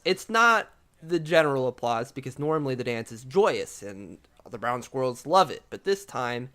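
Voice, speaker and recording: A man's voice: fairly high pitch, pushed and bright. A man narrating a tabletop game as game master, casual and loose.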